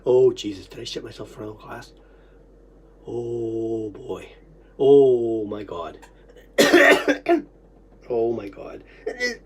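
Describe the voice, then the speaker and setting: Woman, coughing, husky voice, slow halting speech, animated pitch. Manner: halting, repetitive, interrupted by coughing. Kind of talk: recounting a memory aloud.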